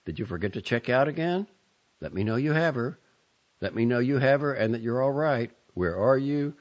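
A man's voice: mid-range voice, animated, normal speed, a little mellow, muffled recording, pitched above the performer's own voice, lightly acted. A male narrator voicing a panicked middle-aged mother, pleading and desperate. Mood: frantic.

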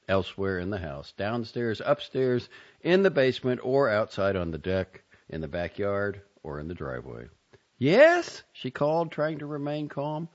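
A man reading short fiction and poetry aloud with an expressive, dramatic delivery, in a dull lo-fi recording. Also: lowish voice. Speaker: reader.

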